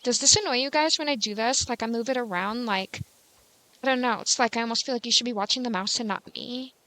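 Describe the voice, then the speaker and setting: A woman hosting a casual game tutorial, chatty and rambling with many fillers, and quick to mock herself. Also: fairly high pitch, sharp tone, no room sound. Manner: self-mocking.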